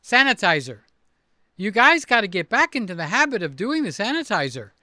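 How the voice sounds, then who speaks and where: An older man hosting a casual livestream, chatty and excitable as he reads out comments and gives shout-outs. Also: sits high, fairly quick, no echo, clean studio sound. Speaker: livestream host.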